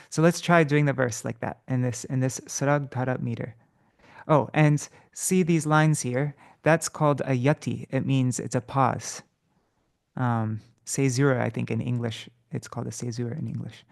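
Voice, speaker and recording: A man teaching Sanskrit verse meter in a relaxed, casual way, correcting himself, chuckling, and chanting syllables slowly. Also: mid-range voice, vocal fry. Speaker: devotional study teacher.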